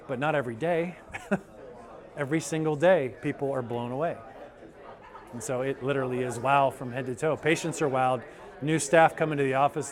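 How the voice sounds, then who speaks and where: A male chiropractor giving an enthusiastic testimonial, telling patient stories and acting out their reactions. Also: mid-range voice. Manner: enthusiastic, animated storytelling with quoted patients. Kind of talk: testimonial interview.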